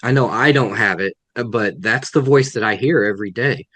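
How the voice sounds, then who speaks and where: A man's voice: fairly low pitch, a little fast, fairly bright tone, no room sound. A man, a guest author, answering questions on a video call in a thoughtful way, often restarting his sentences. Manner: thoughtful, self-correcting, many restarts. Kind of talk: webinar Q&A answers.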